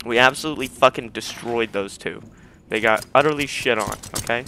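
A young man playing a game with his dad, giving constant orders, swearing and shouting when excited. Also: mid-range voice, brisk, creaky, a little hiss or hum. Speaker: gamer leading his dad.

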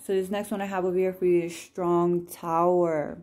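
Woman, low-ish mellow voice; casual devotional chat, reads prayers slowly and gently. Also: flat delivery. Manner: gentle, apologetic, laughs at herself. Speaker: Christian vlogger sharing scripture cards.

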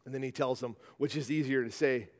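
A man's voice: medium pitch, steady tone, brisk. A man preaching a sermon in a church sanctuary, in a conversational style that often restarts and repeats words. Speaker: pastor. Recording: long church-hall reverb.

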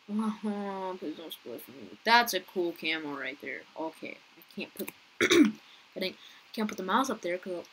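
A young woman giving casual gameplay commentary, chatty and talking to viewers and other players, her voice rough as she keeps clearing her throat. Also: mid-range voice, fairly bright tone, a little hiss or hum, poor audio. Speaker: gaming youtuber.

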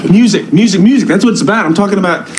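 An actor playing an overexcited TV producer who rambles through an idea. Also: male voice, slight background noise, lightly acted. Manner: rapid excited pitching.

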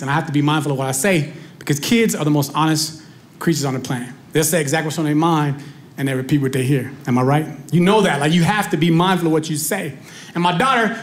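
A man doing stand-up comedy on stage, telling stories in a conversational, animated way. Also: a little high. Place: comedy stage before a live audience.

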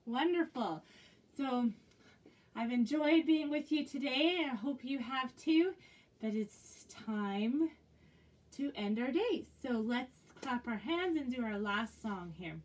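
A woman's voice: high-pitched, animated, slow, a little mellow, a little hiss or hum. A woman librarian leading young children through animal games and action rhymes in a cheerful sing-song manner. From Canada. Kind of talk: children's music and movement class. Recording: distant from the mic.

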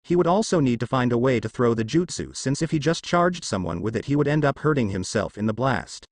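A man narrating a fanfiction story as an audiobook with steady reading. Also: mid-range voice, fairly quick, dry recording, clean studio sound.

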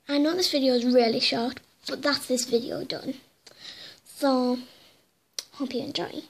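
A woman chats to her camera in a casual home vlog. Her voice is high. She is playful and self-mocking. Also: fairly even intonation, a little slow, vocal fry, long pauses. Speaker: vlogger.

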